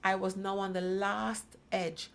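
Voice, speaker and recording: A woman's voice: mid-range voice, flat delivery, a little slow, creaky. A middle-aged woman, giving an emphatic personal testimony as a guest speaker. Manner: emphatic storytelling, acts out others' voices. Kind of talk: personal testimony in a talk program.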